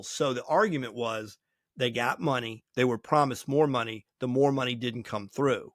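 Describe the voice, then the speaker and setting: A man's voice: mid-range voice, moderate pace, no echo. A man co-hosts a casual podcast with a mid-range voice, and he acts out quoted dialogue as he tells his stories. The sound is dry and close, with almost no room behind it. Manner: storytelling, acting out quoted dialogue. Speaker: podcast co-host.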